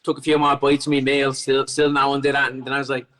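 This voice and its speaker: A man's voice: mid-range voice, completely flat delivery, fast, a bit bright, low-quality recording. An Irish man on a podcast as a guest, telling a long story in casual chat, rambling with plenty of swearing and restarts.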